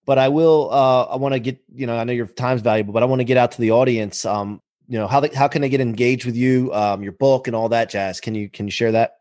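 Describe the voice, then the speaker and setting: A man hosting an interview, talking with a hesitant warmth and many fillers. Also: mid-range voice, steady tone, quick pace, few pauses, no echo, studio quality. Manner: warm, hesitant, full of "uh" and "you know". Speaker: host.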